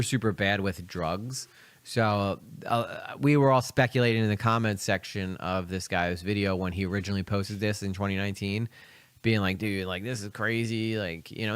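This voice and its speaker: His lowish, fairly bright voice has no echo as this young Philadelphia streamer, with a light Philly accent, talks through live reaction commentary. He's rambling and chatty, with plenty of fillers and asides.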